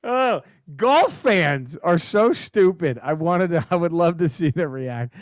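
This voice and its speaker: Animated high-voiced man chatting. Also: slow pace, no echo, clean studio sound. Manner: swearing, laughing, animated storytelling. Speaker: podcast co-host. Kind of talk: casual chat.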